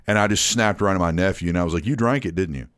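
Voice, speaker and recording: A man's voice: deep voice, racing, a bit bright, clear, resonant tone. A man in his thirties, a podcast co-host, chatting casually in an irreverent, joking way and swearing freely. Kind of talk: casual chat.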